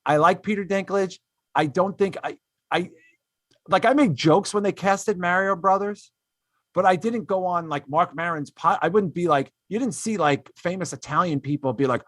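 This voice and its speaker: A man's voice: high voice, normal speed, a bit bright, dry recording, clean studio sound. A man hosting a casual comedy podcast, ranting in an exasperated way with lots of fillers and restarts. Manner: switches to mocking put-on voices when quoting others. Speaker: podcast host.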